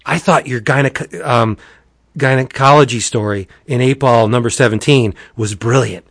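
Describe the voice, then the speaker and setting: A monstrous tentacled mermaid god, as a man puts her on, chatting like an offhand fan with a lifted, breezy pitch. The delivery is casual and chummy. The sound is dry and close. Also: normal speed, no room sound, lightly acted.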